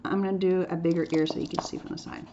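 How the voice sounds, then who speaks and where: A woman's voice: lowish voice, wildly swooping pitch, quick pace, gravelly. Chatty woman teaching drawing, lo-fi. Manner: playful, chatty, with whispered asides. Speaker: art teacher. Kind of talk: drawing lesson demonstration. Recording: dull lo-fi sound with faint noise.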